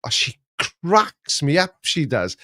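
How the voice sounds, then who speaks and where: A man's voice: on the high side, sing-song, slow, a bit bright, dry recording. Middle-aged male streamer, rambling chatty host, dry close sound. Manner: rambling, chatty, chuckles at his own jokes. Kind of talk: casual live-stream chat.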